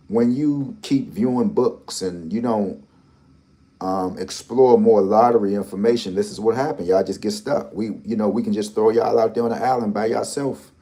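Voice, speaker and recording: Rambling man with a low mellow voice. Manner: rambling, repetitive, teasing. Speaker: lottery channel host. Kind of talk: casual commentary.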